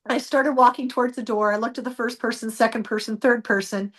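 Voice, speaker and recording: Animated high-voiced woman storyteller. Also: a little fast, hardly any pauses. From United States. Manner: animated, acts out quoted dialogue. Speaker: guest telling her life story. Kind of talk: personal storytelling.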